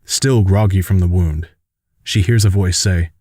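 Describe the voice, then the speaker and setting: A man narrating a fanfiction audiobook in a steady, measured storytelling manner. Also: sits low, no echo, clean studio sound.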